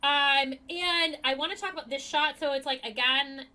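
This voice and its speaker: A woman's voice: high voice, normal speed, pushed and bright. A woman co-hosting a casual TV recap podcast, talking in a chatty way with lots of fillers and acting out the characters' lines. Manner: chatty, heavy on fillers, acts out quotes. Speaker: podcast co-host.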